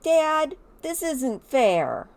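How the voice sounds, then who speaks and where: Woman voicing a game-kid girl, high and whiny, lively voice, quick to sulk. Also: slight background noise, exaggerated voice. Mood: frustrated. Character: young girl, eager and easily frustrated.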